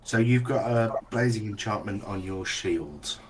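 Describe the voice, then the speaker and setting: A man running a tabletop game as game master, easygoing and quick to laugh. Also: lowish voice, background noise.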